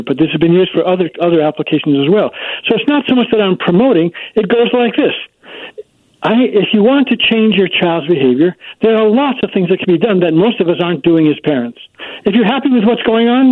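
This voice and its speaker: A man's voice: high-pitched, no echo. Emphatic man on a phone line. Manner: emphatic, explanatory. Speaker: child psychology expert guest. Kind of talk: explaining in an interview. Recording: dry tinny phone line.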